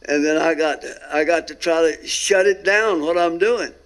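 A man's voice: on the high side, normal speed, fairly bright tone, smooth. A man earnestly tells his testimony as a guest, stretching out emphatic phrases. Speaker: guest telling a near-death experience. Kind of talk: recorded testimony talk.

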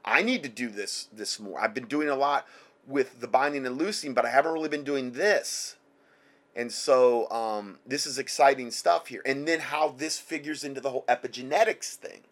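An excitable man teaches from the Bible in a casual, animated way, reading passages aloud and breaking into laughter. His voice sits at an ordinary middle pitch for a man. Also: moderate pace. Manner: excitable, laughs often, reads scripture aloud. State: emotional, choked up at times.

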